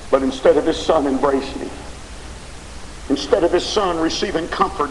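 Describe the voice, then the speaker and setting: Fiery preacher in an echoey hall. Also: male voice, a little high, moderate pace, pauses often, slight background noise. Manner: dramatic, emphatic preaching. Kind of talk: fiery revival sermon.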